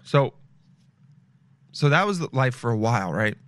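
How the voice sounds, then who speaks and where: A man's voice: mid-range voice, lively intonation, a little slow, long pauses. A young man from Los Angeles hosting a podcast, with a sniffly nose, rambling casually and swearing freely. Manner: rambling, swears freely, calls listeners "dude". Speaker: podcast host. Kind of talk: casual solo chat.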